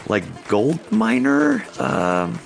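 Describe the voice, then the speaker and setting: A man co-hosting a podcast, chatting casually about music and getting excitable, his voice jumping up high when he gushes. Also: extremely slow, vocal fry. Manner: excitable, gushing, rising to high pitch when enthused. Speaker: podcast co-host.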